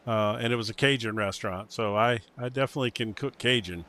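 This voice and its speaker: A man's voice: lowish voice, fast, pushed and bright. A middle-aged man doing casual sim racing commentary, loose and rambling, laughing easily.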